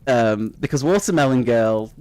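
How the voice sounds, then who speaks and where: A man's voice: medium pitch, expressive, moderate pace, a little mellow, dry recording. A young man casually telling a rambling personal story, swearing freely and laughing at it as he goes. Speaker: streamer.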